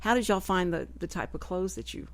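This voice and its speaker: A woman's voice: on the low side, expressive, fairly quick, no room sound. A woman with a Texas accent hosting a radio talk show, chatting in a rambling, self-deprecating way. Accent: Texan. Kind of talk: casual chat. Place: radio studio.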